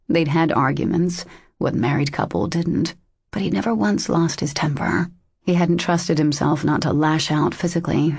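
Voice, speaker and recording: Woman reading an audiobook, low voice, raspy and husky, dry close sound. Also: a little mellow, no room sound. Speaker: audiobook narrator. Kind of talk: scripted narration.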